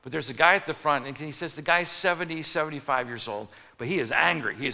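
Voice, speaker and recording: A man's voice: fairly high pitch, fast, creaky, hardly any pauses, bright, forceful tone. A man preaching a sermon, telling stories and acting out the people in them. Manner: storytelling preacher, acts out voices. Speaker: pastor. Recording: long reverb of a large hall.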